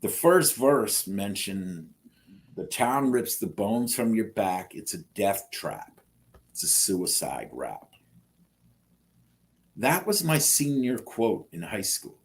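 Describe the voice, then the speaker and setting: A middle-aged man telling his story in an interview, animating the quoted dialogue with lively jumps in his voice. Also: on the low side, slow pace. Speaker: guest sharing transplant story.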